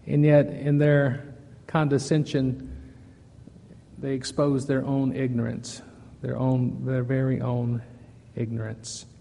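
A man preaching a sermon to his church, earnest, moving from loud emphasis to soft pleading. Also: medium pitch, little pitch movement, takes it slowly, vocal fry, pauses often, in a large hall, a little hiss or hum. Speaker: pastor.

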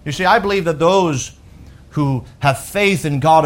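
A male pastor preaching a sermon, slowing down to quote scripture and swinging between loud emphatic peaks and quiet, low passages. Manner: emphatic preaching that rises to shouts and drops to soft lows; quotes scripture in a slow, deliberate voice.

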